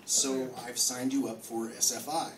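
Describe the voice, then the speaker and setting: A man's voice: medium pitch, steady tone, moderate pace. A man with a New Jersey accent doing a brash, profane stand-up comedy set. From New Jersey, USA. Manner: brash, profane, swings into loud mock-angry bits. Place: comedy club stage. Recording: echoey club from far off with noise.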